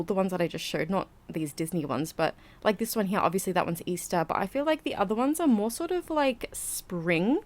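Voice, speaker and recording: A woman, a channel host narrating a voiceover in a chatty, rambling, giggly way, a little out of breath. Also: medium pitch. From Australia. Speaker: vlogger. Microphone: home voiceover mic.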